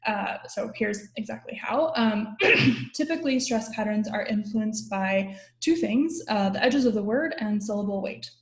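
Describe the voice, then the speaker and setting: A mid-pitched woman delivers an academic linguistics lecture over a video call. She explains step by step, filling pauses with ums and hedging with "like" and "sort of." Her voice carries a noticeable room echo. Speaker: guest lecturer.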